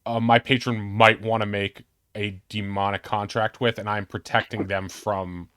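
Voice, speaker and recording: A man's voice: on the low side, level tone, normal speed, a bit bright, smooth, no room sound, studio quality. A man hosting a tabletop game night, chatting casually in a rambling, self-mocking way that often trails off. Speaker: game host.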